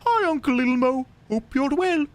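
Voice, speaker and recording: High-pitched whiny young guy, fussy, nagging, as a man puts him on. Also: animated, moderate pace. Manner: high, whiny letter-reading voice. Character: fussy younger man nagging his uncle about pay.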